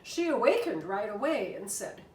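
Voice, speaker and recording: A woman reading a children's storybook aloud in an expressive, animated way. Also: medium pitch, moderate pace, recorded from a distance, slight background noise. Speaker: reader. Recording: echoey room from afar.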